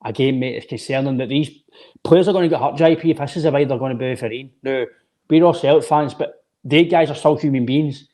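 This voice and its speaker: Fast-talking yet mellow, with a medium pitch, this Scottish football podcast co-host chats casually and emphatically, frequently restarting phrases and addressing his co-host as "mate" again and again.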